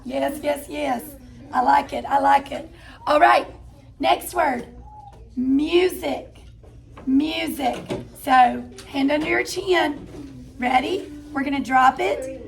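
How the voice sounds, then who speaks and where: Slow, encouraging woman teacher, high voice. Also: creaky, a little hiss or hum. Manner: slow, encouraging, calls out steps to children. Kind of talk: classroom phonics lesson. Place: classroom.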